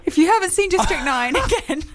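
Woman co-host, teasing radio banter, very expressive pitch. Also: slight background noise. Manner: playful, teasing, quick asides.

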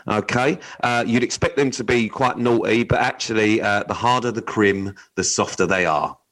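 A man's voice: fairly low pitch, moderate pace, fairly bright tone, low-quality recording. A young man co-hosting a casual chat show, reading odd news stories aloud with jokey, wry asides and casual swearing. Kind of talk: casual radio-style chat.

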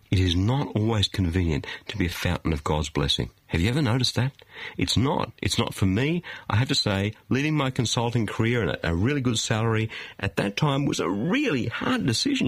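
A man's voice: mid-range voice, slightly rough, no echo. A middle-aged man preaching a sermon in a studio, emphatic and full of rhetorical questions.

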